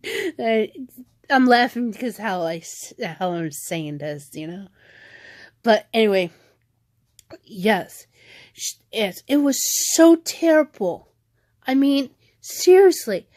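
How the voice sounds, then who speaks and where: A woman's voice: medium pitch, animated, takes it slowly, darkish tone, no room sound. A woman vlogger ranting at home in a rambling, frustrated way, often restarting her sentences. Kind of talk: venting rant vlog.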